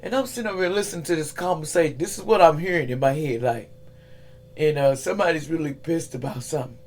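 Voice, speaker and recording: A woman's voice: low voice, fast talker, a little mellow. A woman giving a casual weekly tarot reading, chatty and loose, laughing as she talks. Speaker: tarot reader.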